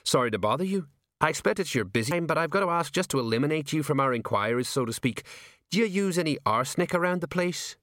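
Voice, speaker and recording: A man voicing a cheerful, chatty middle-aged police sergeant with a bright, ingratiating politeness. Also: fairly high pitch, expressive, quick pace, no echo, clean studio sound, pitched above the performer's own voice.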